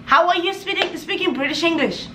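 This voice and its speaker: Bright high-voiced Namibian woman ranting. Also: a little fast, roomy sound, a little hiss or hum. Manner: exasperated, animated, laughing asides. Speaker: vlogger. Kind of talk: casual ranting vlog.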